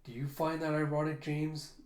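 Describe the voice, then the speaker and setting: A man reading a comic aloud, voicing a cold, commanding older family patriarch in measured speech, in a roomy echo. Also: on the high side, level tone, close to an everyday voice. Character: stern powerful older male patriarch.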